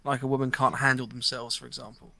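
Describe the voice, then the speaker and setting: A man's voice: medium pitch, little pitch movement, fast talker, vocal fry, bright, forceful tone. A British man hosting a podcast, speaking earnestly and reading out chat comments. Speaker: podcast host.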